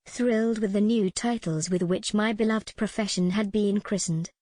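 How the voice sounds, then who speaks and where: A woman reading a first-person story aloud in a clear, measured way, as a scripted narration for language learners. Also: mid-range voice, a little mellow, no room sound.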